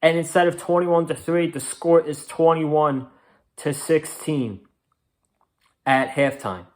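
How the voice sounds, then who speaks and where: A man hosting a casual sports reaction recap, excitable and rambling, with lots of fillers. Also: a little high, slow pace. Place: home, on a couch.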